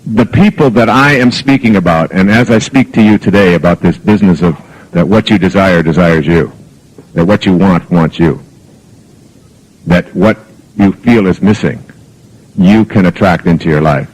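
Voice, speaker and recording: A man's voice: sits low, normal speed, poor audio. An older man from the United States giving a rambling, anecdotal motivational talk to an audience. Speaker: motivational speaker.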